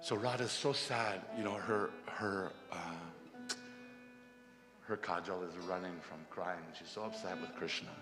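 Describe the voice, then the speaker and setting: A man retelling a devotional story in a casual, animated way to a festival gathering. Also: deep voice, measured pace. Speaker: spiritual storyteller. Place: festival hall. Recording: long hall reverb, faint music.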